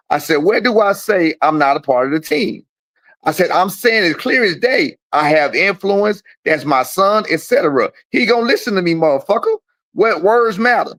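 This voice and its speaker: A man's voice: on the high side, a bit bright, no room sound. Boastful, combative man ranting on a call. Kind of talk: heated casual phone talk.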